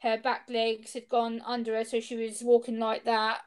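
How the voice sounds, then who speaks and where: A woman's voice: fairly high pitch, moderate pace, smooth. A young woman, the interview guest, telling a personal story in casual chat and acting out the quoted exchanges. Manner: animated, acts out quoted exchanges. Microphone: video call.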